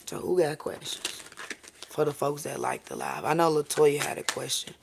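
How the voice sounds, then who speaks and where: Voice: medium pitch, animated, normal speed, creaky, noisy background. A tarot reader doing a live-stream reading, talking in a casual, profane and rambling way and often checking in with viewers by asking "okay?" and "all right?".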